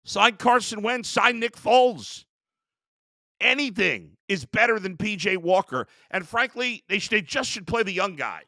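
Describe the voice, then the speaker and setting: A man's voice: high-pitched, lively intonation, measured pace, sharp tone, no echo, clean studio sound. A man hosting a sports show, ranting in a heated, exasperated way about his team. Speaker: sports talk host. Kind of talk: sports rant.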